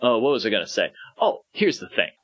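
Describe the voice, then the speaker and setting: Low husky man rambling through a bit. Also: big pitch swings, quick pace, fairly bright tone, no echo. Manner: rambling, repeats words, mock-grand asides. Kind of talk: casual banter.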